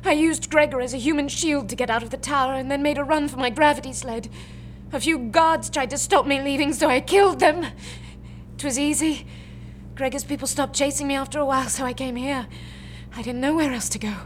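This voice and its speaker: High-voiced tough young woman played by a woman, tense and clipped. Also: brisk, slight background noise, lightly acted. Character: shaken but fierce young woman. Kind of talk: audio drama acting.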